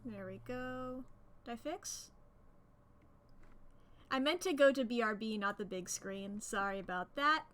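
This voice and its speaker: A woman's voice: fairly high pitch, expressive, unhurried, long pauses, a bit bright, slight background noise. A woman streaming a game, chatting to her viewers in a rambling, giggly way, close to a desk microphone. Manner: rambling, giggly, talks to chat. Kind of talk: casual gaming stream commentary.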